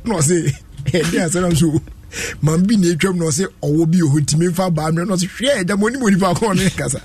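A man's voice: high voice, fast, darkish tone, slightly rough. A man, telling a long story in a casual chat and laughing often as he goes.

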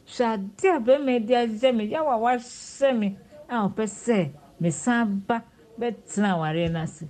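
A woman's voice: fairly high pitch, normal speed, a little mellow. A Ghanaian woman telling her personal story to an advice host, earnest and pleading. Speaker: caller sharing her story. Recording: muffled lo-fi recording with faint noise.

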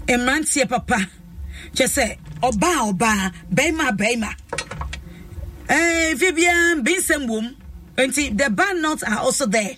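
A high, bright-voiced woman with a Ghanaian accent hosts a lively talk show with effusive, drawn-out emphasis. Her voice is dry but set a little back from the mic. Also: dry recording, recorded from a distance. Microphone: studio microphone.

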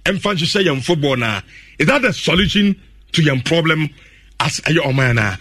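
A man's voice: on the high side, sing-song, moderate pace, sharp tone, no room sound. Ghanaian male sports radio host, questioning manner, dry studio sound. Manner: questioning, mixes Twi and English.

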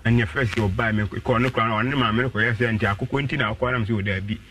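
A man on a radio call tells his story at length, leaping up in pitch whenever he quotes someone. His voice sits at a middle pitch for a man. He sounds set back from the microphone, with a distant radio quality. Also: fairly even intonation, fast talker. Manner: acts out quoted voices with sharp pitch jumps. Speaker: caller telling his story.

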